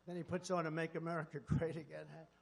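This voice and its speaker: A man's voice: on the high side, flat delivery, fast, vocal fry, darkish tone, slight background noise. A man giving a rambling, sarcastic keynote speech from a conference stage, drifting from one aside to the next. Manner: sarcastic, digressive. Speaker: keynote speaker.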